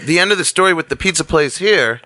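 Animated man telling a comic story. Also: a little high, fast talker, dry recording. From New York. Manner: animated, acting out both sides of a story. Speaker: comedian guest.

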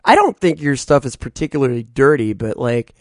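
A man's voice: medium pitch, very animated, a little fast, no room sound, clean studio sound. Easygoing man hosting a podcast. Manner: easygoing, laughs often. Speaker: podcast host. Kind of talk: casual podcast chat.

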